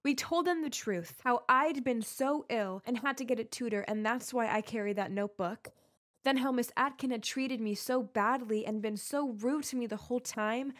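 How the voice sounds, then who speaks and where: A woman giving scripted first-person narration of an animated story in a confiding tone. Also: a little high, normal speed.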